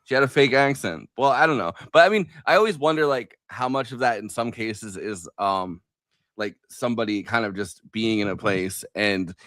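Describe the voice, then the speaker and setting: A man's voice: lowish voice, lively intonation, normal speed, fairly bright tone, no room sound. A man co-hosting a podcast, chatting casually about politics, rambling with fillers and restarts. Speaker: podcast co-host.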